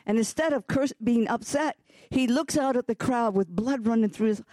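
A male pastor preaching a sermon, impassioned, swinging from loud peaks to hushed near-whispers, with loose, chatty restarts and asides. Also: extremely high pitch, normal speed, dry recording.

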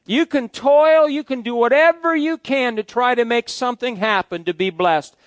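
A man's voice: very high-pitched, moderate pace, dry recording. A middle-aged male pastor preaching a sermon in a folksy way, joking with his congregation between points.

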